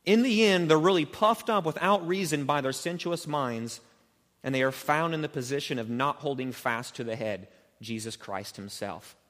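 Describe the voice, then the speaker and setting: A high-voiced male preacher delivering an animated Bible sermon, often sinking low and soft for emphasis. The sound carries a long reverb, as in a large hall. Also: normal speed. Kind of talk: expository sermon.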